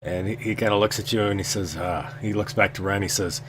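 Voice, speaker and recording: Deep-voiced man narrating a tabletop game. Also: fairly even intonation, brisk, a little hiss or hum. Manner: loose, filler-heavy narration. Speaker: game master.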